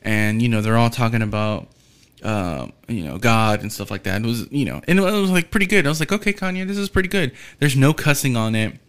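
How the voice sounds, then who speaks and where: A man's voice: lowish voice, lively intonation, brisk, fairly bright tone. A man hosting a podcast, rambling casually with frequent swearing, fillers and restarts. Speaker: podcast host.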